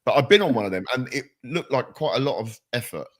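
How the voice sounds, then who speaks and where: A man's voice: mid-range voice, quick pace. A man hosting a casual chat show, telling stories in a chatty, jokey way. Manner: chatty, jokey, animated storyteller. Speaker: show host.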